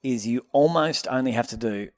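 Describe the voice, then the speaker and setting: A man's voice: medium pitch, moderate pace, no echo. A man, himself a comedian, adds wry remarks and swears casually during loose banter. His voice is recorded dry, with no room sound. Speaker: comedian, co-host.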